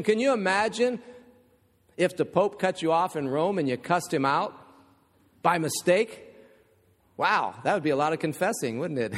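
High-voiced man preaching in a reverberant hall. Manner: storytelling with rhetorical questions and humorous asides. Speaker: pastor. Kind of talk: sermon. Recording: long reverb of a large hall.

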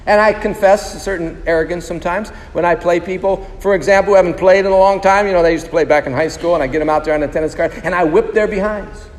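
Pastor, male, high-pitched, emphatic, asks the room questions; long hall reverb. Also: fast talker, hardly any pauses. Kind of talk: sermon.

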